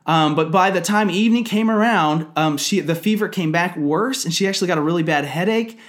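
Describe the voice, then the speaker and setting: A man's voice: high-pitched, a little fast. A man in his thirties giving an earnest, conversational sermon testimony about his family, with frequent fillers. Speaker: ministry leader.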